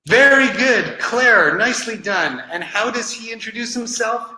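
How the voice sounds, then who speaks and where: A man's voice: very high voice, expressive, a little slow, hardly any pauses, sharp tone, reverberant, a little hiss or hum, rough recording. A man leading a coaching session on presenting, explaining in a loose conversational way with frequent ums and uhs. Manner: conversational, filler-heavy, explaining with examples. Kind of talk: online coaching seminar.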